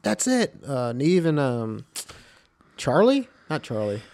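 A man's voice: medium pitch, big pitch swings, slow, a little mellow. A man in a casual chat, reacting to a friend's story with interjections and casual swearing.

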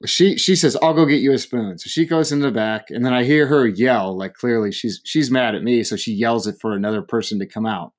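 A man's voice: mid-range voice, brisk, hardly any pauses. A man telling a funny story in casual talk, acting out the people he quotes and laughing as he goes. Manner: animated, acts out quoted people, laughs often.

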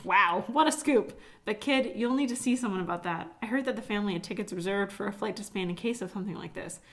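A woman's voice: medium pitch, fast talker, natural voice. A woman voicing a brash, blunt male reporter in a story she reads aloud. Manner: blunt, nosy.

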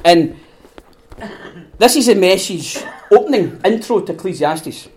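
Animated Scottish man with a high voice. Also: a little slow. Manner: animated, laughs often, acts out quoted voices. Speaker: podcast host. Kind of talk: conversational preaching.

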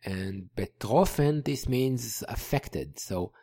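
A man hosting a podcast language lesson, explaining word by word and repeating each word slowly. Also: mid-range voice, expressive, warm tone, no room sound, studio quality. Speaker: language teacher.

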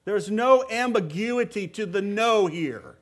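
A male pastor with a fairly high voice preaches at an unhurried pace. He speaks to the congregation in a relaxed, conversational way, then hits key words hard and repeats phrases for emphasis.

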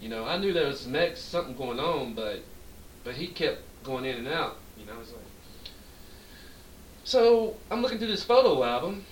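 Man, podcast co-host, lively swooping voice, profane storyteller, echoey room, distant mic, faint hiss. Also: medium pitch, moderate pace. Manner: animated, profane, acts out quoted dialogue. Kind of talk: drunk storytelling chat.

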